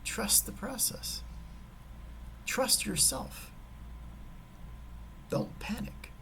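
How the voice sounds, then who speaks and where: A man giving a motivational talk and telling a personal story. He is animated and swings between loud emphasis and hushed whispers. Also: high voice, very slow, creaky, a little hiss or hum, low-quality recording. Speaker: motivational speaker.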